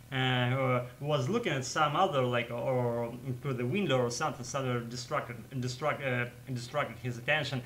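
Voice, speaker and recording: Bright-voiced man rambling, full of fillers. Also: medium pitch, poor audio. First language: Russian. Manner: rambling, halting with many fillers and restarts, laughs often. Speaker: vlogger. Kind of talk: casual storytelling to camera.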